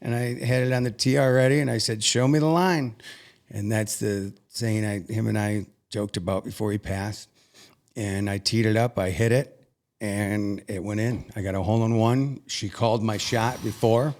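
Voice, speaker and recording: A young man earnestly recounting a personal story as an interview guest, halting and emotional at times. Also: lowish voice, fairly even intonation, darkish tone.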